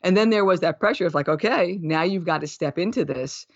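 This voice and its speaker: A woman's voice: fairly low pitch, fairly quick. A woman in her fifties talks thoughtfully about her path as a wellness coach, with now and then a light laugh at herself. The sound is lo-fi and muffled. There is no room echo at all. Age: 50s. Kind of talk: reflective interview storytelling. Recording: dull, lo-fi, dry sound.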